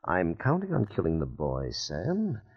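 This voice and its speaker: An actor playing a scheming male villain who puts on a French accent, with a smooth, sneering, menacing manner, in a 1950s radio drama. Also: deep voice, wildly swooping pitch, unhurried, highs cut off, full character voice. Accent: put-on French.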